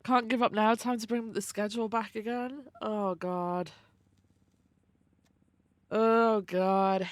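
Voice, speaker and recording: A woman's voice: medium pitch, steady tone, takes it slowly, pauses often, no room sound. A young adult woman streamer chatting casually with her viewers, greeting them by name and swearing freely. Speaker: livestreamer.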